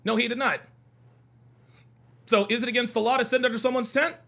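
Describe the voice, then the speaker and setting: A young adult man hosts a heated call-in stream, answering chat with combative, mocking jabs and hammering the same points again and again. His voice sits high for a man, gravelly and forceful, and it swings widely in pitch. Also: fairly even intonation, a little fast. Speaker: host of a call-in show.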